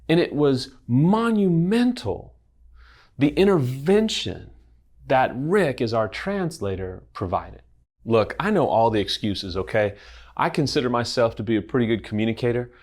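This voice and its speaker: A man's voice: medium pitch, animated, a little slow, darkish tone. A middle-aged man hosting, speaking earnestly to camera and telling a personal story, quoting others in dialogue. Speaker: host. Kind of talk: direct-to-camera talk.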